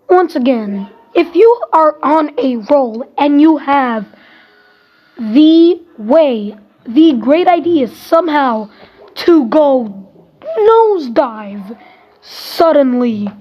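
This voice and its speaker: High-voiced woman ranting through a review. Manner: exasperated, ranting, emphatic; swears casually. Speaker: TV episode reviewer. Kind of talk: casual spoken review. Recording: dull lo-fi recording.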